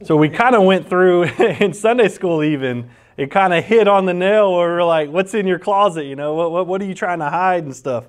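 A man's voice: high-pitched, normal speed, few pauses. A man preaching a conversational sermon, rambling and often restarting his sentences. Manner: rambling storyteller with frequent restarts.

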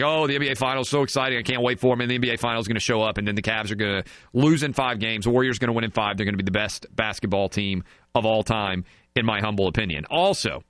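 A man's voice: on the low side, fairly bright tone, no room sound. Sarcastic male sports radio host. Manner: sarcastic, riffing, mock-outraged. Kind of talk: radio talk show monologue.

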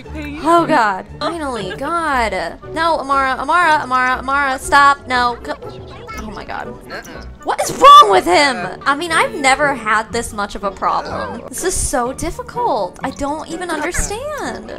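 A woman hosting a gaming channel, giving animated let's-play commentary and swearing and exclaiming at the game. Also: high-pitched, normal speed, over music.

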